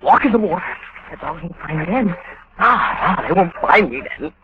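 An actor voices a frightened, simple-minded fugitive who stammers and pleads as he runs. The voice sits high and pinched in classic radio-drama fashion. The old broadcast sounds muffled, with a steady hiss underneath. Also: moderate pace, lightly acted. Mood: desperate. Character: terrified simple-minded man fleeing a manhunt. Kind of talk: 1940s radio acting.

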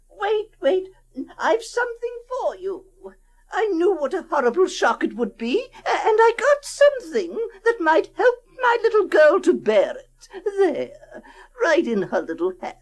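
A woman's voice: very high-pitched, darkish tone, full character voice, rough recording. A woman voicing a doting, possessive old aunt who pleads tearfully and coaxingly with her niece in a dramatic story reading.

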